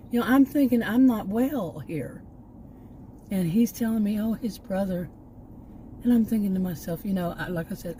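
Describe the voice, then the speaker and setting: A woman's voice: mid-range voice, dark tone, a little hiss or hum, low-quality recording. An older woman from Texas, talking in a rambling, casual vlog with many restarts and asides, a little short of breath. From Texas, United States. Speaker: vlogger. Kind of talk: casual personal vlog talk.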